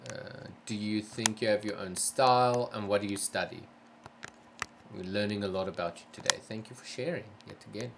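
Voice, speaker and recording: A man's voice: fairly low pitch, fairly even intonation, moderate pace, vocal fry, noisy background. A man hosting a live game stream, chatting casually with viewers and asking polite, careful questions while sounding tired. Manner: easygoing, careful and polite, asks many questions. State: tired, yawning. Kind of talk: casual live-stream chat, reading chat aloud.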